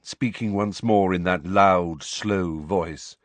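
A man narrating a novel with expressive, dramatic delivery. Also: low voice, measured pace, hardly any pauses, no echo. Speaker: audiobook narrator.

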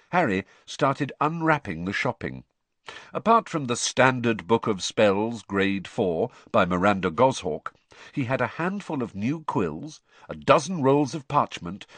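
Male storyteller, lively pitch, expressive, dry close sound. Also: dry recording. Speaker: audiobook narrator. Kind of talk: scripted audiobook narration.

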